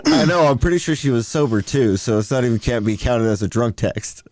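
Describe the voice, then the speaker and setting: A man's voice: medium pitch, a little fast, dry recording. A man co-hosting a podcast, animatedly telling a funny story in casual banter. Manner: animated storyteller, reads texts aloud. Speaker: podcast co-host.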